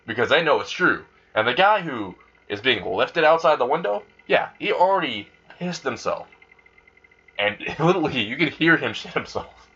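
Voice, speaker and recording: Brief: male storyteller, loose crude rambling delivery, husky bright voice, muffled lo-fi audio. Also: mid-range voice, sing-song, moderate pace. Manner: rambling and crude, full of fillers and swearing. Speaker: fan fiction storyteller. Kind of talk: casual improvised storytelling. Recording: dull lo-fi recording.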